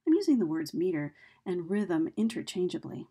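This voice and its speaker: A woman's voice: lowish voice, very animated, moderate pace, mellow, husky. A woman explaining poetic meter in a casual lesson, chatty, with frequent ums and restarts. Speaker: teacher.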